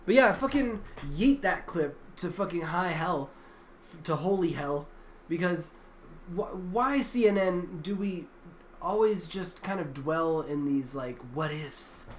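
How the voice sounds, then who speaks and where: A man hosting a livestream, ranting about news clips in a crude, exasperated way, swearing constantly as he rambles. His voice sits a little high for a man. A faint hiss runs under the audio. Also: animated, a little slow. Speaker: livestream host. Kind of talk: profane casual commentary on news clips.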